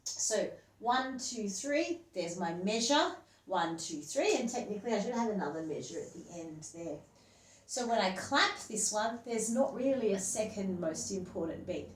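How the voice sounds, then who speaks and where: A woman's voice: medium pitch, lively intonation, moderate pace. Woman teacher explaining from across a room. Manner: explains patiently, counts beats aloud. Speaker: music teacher. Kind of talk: step-by-step classroom explanation. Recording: roomy, distant mic, faint hum.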